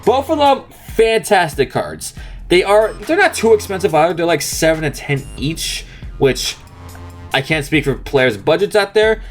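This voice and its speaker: Young man, card game host, casual chatty walkthrough, upbeat, bouncy pitch. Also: sing-song, measured pace, soft background music. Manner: upbeat, chatty, explains step by step. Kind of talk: casual deck profile walkthrough.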